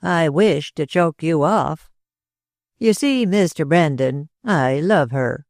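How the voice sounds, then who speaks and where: A man voicing a talkative older man with an American accent, speaking slowly and dryly in a drawl. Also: fairly high pitch, animated, vocal fry, no room sound, heavily acted. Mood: cool. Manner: drawling, slow and dry.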